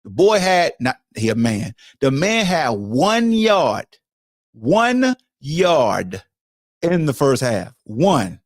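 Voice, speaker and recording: A man's voice: a little high, very animated, slow pace, no echo, clean studio sound. A man hosting a sports podcast, ranting in a casual, profane, lecturing way. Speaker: podcast host. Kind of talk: casual sports commentary rant.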